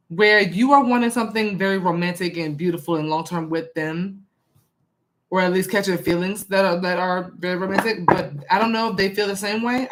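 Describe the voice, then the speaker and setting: A woman's voice: medium pitch, slight background noise. A woman doing a casual live-stream tarot reading, chatty with many fillers, reading viewer comments aloud. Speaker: tarot reader.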